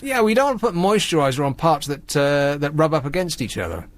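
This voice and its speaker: A man's voice: a little high, very animated, a little fast. A man hosting late-night radio, telling rambling wry stories. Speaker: radio host.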